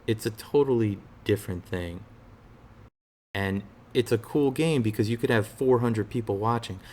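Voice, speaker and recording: Low-voiced man chatting on a stream. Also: normal speed. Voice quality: soothing. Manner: rambling, relaxed, many fillers like "like". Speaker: game streamer. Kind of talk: casual live-stream chat.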